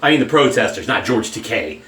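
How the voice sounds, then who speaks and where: A man's voice: mid-range voice, sing-song, a little fast, fairly bright tone, slight background noise. A man delivering a heated, profane rant in a shaving vlog. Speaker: shaving vlogger. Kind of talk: angry political rant. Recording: echoey room.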